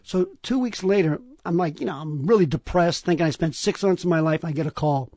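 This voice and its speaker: A man from Staten Island, telling a story as a podcast guest in an animated way, stammering and restarting. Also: on the high side, a little fast, no room sound. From Staten Island, New York. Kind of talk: storytelling in a casual interview.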